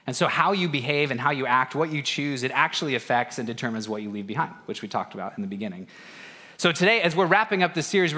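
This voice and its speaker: A man's voice: medium pitch, pushed and bright. A man in his thirties, a pastor giving a casual, self-deprecating sermon with family stories. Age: 30s. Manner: conversational, self-deprecating, acts out family dialogue. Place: church auditorium. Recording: long hall reverb.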